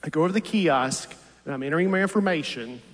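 Man, fifties, stand-up comic, self-deprecating, high voice, reverberant theater. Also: lively intonation, fast. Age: 50s. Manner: dry, self-deprecating storytelling. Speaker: stand-up comedian. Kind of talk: stand-up comedy set. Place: large theater stage. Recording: long hall reverb from a big venue.

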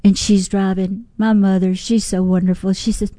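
Animated folksy woman telling stories. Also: medium pitch, moderate pace, no room sound. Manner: animated, folksy storyteller acting out quotes. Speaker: singer-songwriter guest. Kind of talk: storytelling interview.

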